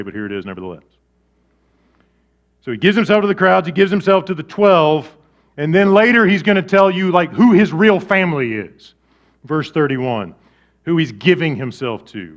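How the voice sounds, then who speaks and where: The high frequencies are cut off in this clip of a male pastor preaching. His style is lively and conversational, swinging from sudden loudness to gentle, low-pitched asides.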